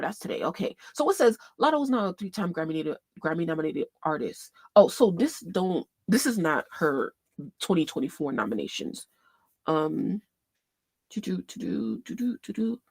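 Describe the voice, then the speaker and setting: A woman hosting a casual livestream, animated and swearing freely, swinging between loud outbursts and quiet asides. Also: medium pitch, breathy edge, dry recording. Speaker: livestream host.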